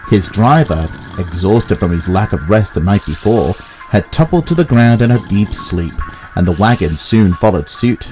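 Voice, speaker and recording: A man narrating a spooky children's engine story with expressive delivery. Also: on the low side, normal speed, low-quality recording. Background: background music.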